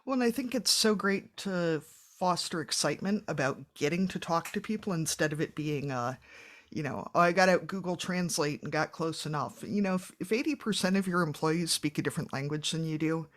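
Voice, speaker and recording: A podcast host speaks in an easy, conversational way and sets out longer questions with care. The voice sits in a middle range. The tone is that of an unhurried interviewer. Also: medium pitch, expressive, a bit bright. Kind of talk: casual interview chat.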